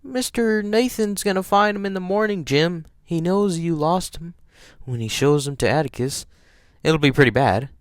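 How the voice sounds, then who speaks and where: A man's voice: normal speed, no room sound, studio quality, natural voice. A man reading a novel aloud, putting on a raised, urgent voice for a young tomboy girl. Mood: pleading. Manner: raised pitch, loud, urgent.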